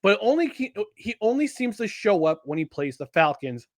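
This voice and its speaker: A man co-hosting a sports podcast in casual chat, animated and jokey, often restarting his sentences. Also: high-pitched, normal speed, no room sound, clean studio sound. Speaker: podcast co-host.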